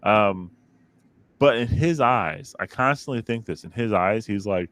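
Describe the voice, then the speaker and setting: A man in his thirties chats casually from his basement home office, rambling through family stories and jumping up in pitch when he acts out what people said. His voice sits fairly low and sounds close and dry on the mic, with no room around it. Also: moderate pace, dry recording. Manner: rambling, animated storytelling with acted-out quotes. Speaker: podcast co-host. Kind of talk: casual chat. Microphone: studio microphone.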